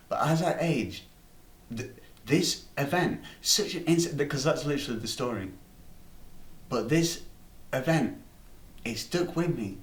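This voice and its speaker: A man's voice: mid-range voice, lively intonation, unhurried, pauses often. A man rambling through a comic anecdote, swearing freely and restarting his sentences. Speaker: comedy storyteller. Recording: roomy room, distant mic.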